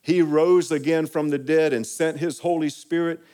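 A man's voice: fairly high pitch, steady tone, normal speed, dark tone. A man preaching a sermon, leading the congregation in call-and-response and building to emphatic peaks. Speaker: pastor.

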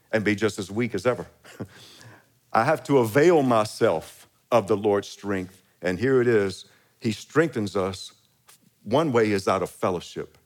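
A man preaching a sermon, reading scripture aloud and lifting his voice on key lines, with short chuckles between phrases and calls to the congregation to repeat after him. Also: fairly low pitch. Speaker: pastor.

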